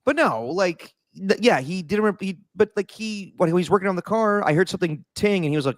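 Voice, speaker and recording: A man's voice: sits high, expressive, a little fast, no room sound. A man co-hosting a podcast, telling a story in an exasperated, swearing way with stammers. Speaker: podcast co-host. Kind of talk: casual chat.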